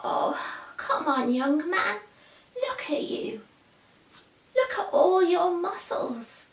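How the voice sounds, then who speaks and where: A woman voicing a frail, gently teasing old man who speaks mildly and slowly, in an echoey room. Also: very high-pitched, lively intonation, vocal fry, distant mic, pitched above the performer's own voice, heavily acted. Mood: mildly chiding. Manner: mild, drawn-out, teasing.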